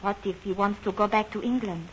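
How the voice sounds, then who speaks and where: A woman's voice: medium pitch, a little fast, highs cut off, a little hiss or hum, close to an everyday voice. An actress playing a refined, genteel young English lady in an old radio drama. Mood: probing. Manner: genteel, probing, composed.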